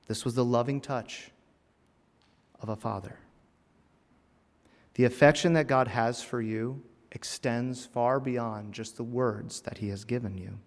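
A man preaching a personal sermon in a church, earnest, rising to emphatic lines and dropping to hushed, heavy phrases. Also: medium pitch, fairly even intonation, unhurried, long pauses. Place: church sanctuary. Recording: long reverb of a church hall.

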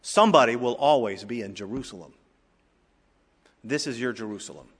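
A male pastor preaching a sermon with emphatic rises and drops in loudness, in a church sanctuary. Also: medium pitch, fairly quick, husky. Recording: long hall reverb.

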